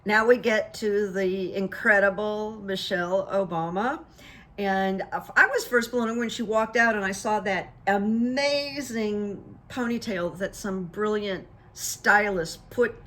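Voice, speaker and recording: A woman's voice: medium pitch, takes it slowly. A middle-aged woman recapping events in a casual, chatty way, acting out what others said as she goes. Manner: animated storyteller, acts out what others said. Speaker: political commentary vlogger and hypnotherapist.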